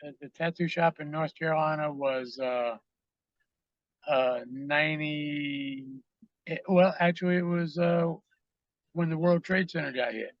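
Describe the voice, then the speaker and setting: A man's voice: fairly high pitch, unhurried, dry recording, dull audio. A man, a podcast guest, telling rambling, profane stories full of fillers in a casual interview.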